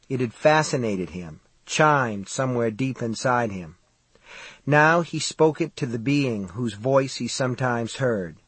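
A man narrating an audiobook in a steady, measured storytelling voice. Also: medium pitch, husky, no echo.

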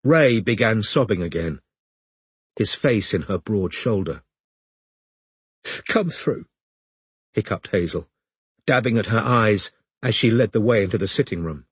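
A man narrating an audiobook in a measured storytelling manner, close to the mic. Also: fairly low pitch, expressive, husky, dry recording.

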